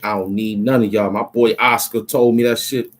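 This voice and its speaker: This rapper's fairly low voice stays fairly even in intonation and moves at a moderate pace. Holed up in a small, cramped room, he rambles loosely, leaning on street slang and "you know what I'm saying." The recording quality is low.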